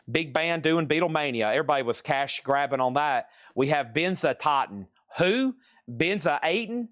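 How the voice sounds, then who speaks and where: A man's voice: fairly high pitch, a bit bright, dry recording, clean studio sound. Chatty man running a live record sale. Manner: quick, chatty, rattling off prices and bidder names. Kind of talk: live-stream auction chat.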